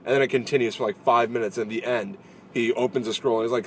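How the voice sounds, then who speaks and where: A man co-hosting a casual chat in a car, telling stories in an animated way and acting out the lines of the people in them. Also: mid-range voice, rapid-fire. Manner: animated storyteller, acts out quoted lines and laughs often. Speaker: podcast co-host. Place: inside a car. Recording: steady road noise.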